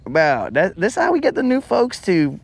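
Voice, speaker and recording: A man's voice: high voice, wildly swooping pitch, moderate pace, gravelly, husky. Playful, slangy man on a lake. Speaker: fishing livestream host. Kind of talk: casual chat. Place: boat on a lake, outdoors.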